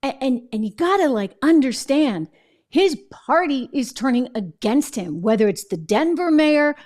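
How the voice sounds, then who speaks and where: A woman's voice: sits high, animated, unhurried, darkish tone. A middle-aged woman from New England hosting a political commentary show, talking emphatically and checking in with viewers. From New England, United States. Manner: emphatic, conversational, asks viewers "right?". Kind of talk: opinionated commentary.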